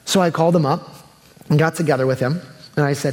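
A man's voice: on the high side, steady tone, fast talker, darkish tone. Young guy preaching, chatty, acts out quotes, echoey hall. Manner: conversational, acts out quoted people. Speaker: pastor. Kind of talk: sermon.

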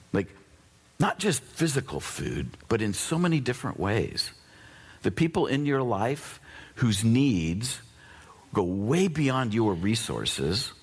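A male pastor delivers a sermon in a loose, conversational way. His fairly low, husky voice swings widely in pitch, leaping up when he gets excited and dropping low when he turns earnest.

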